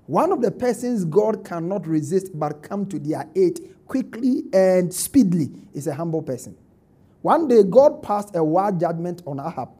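A male pastor delivers an emphatic sermon in church, calling on the congregation to answer back. His voice sits high for a man, yet it sounds warm and mellow rather than sharp. He comes across as middle-aged and well used to preaching. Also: slightly rough. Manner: emphatic, call-and-response with congregation.

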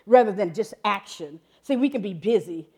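A woman in her fifties preaching a sermon in an animated, excitable way, often laughing and jumping up in pitch. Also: normal speed, husky. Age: 50s.

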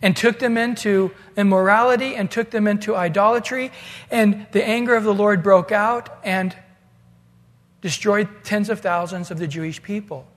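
A man's voice: sits high, fairly even intonation, normal speed. A man preaching a sermon, retelling a story casually and acting out the dialogue, with long hall reverb.

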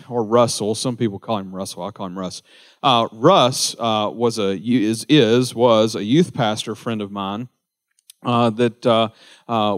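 Rambling low-voiced pastor. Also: male voice. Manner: rambling, lots of uh fillers and restarts. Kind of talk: informal church announcements.

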